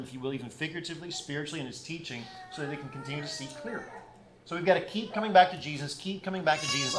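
A man preaching a sermon and reading scripture aloud, pausing often on "uh" and growing louder and higher when he reads the quoted passages. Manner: frequent "uh" fillers, rises in pitch and volume when reading scripture. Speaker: pastor.

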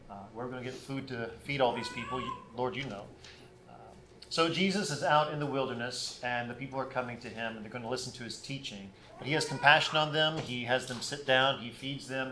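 A man preaching a sermon and reading scripture aloud, pausing often on "uh" and growing louder and higher when he reads the quoted passages. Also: a little hiss or hum. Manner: frequent "uh" fillers, rises in pitch and volume when reading scripture. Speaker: pastor.

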